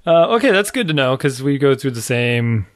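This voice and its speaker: A man's voice: medium pitch, sing-song, normal speed, no echo. A father chatting casually with a friend, throwing in dry, wry remarks. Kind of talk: casual chat.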